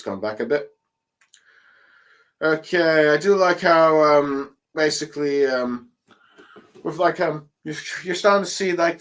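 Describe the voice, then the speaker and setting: A man casually recapping a comic chapter for his channel, talking hesitantly with many fillers and pauses. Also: a little high. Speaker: manga chapter reviewer. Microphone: desk mic at a streaming setup.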